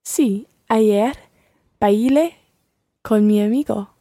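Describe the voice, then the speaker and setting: A woman's voice: mid-range voice, slow pace, mellow, no echo, studio quality. A woman learning Spanish, repeating phrases after her teacher. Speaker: language student.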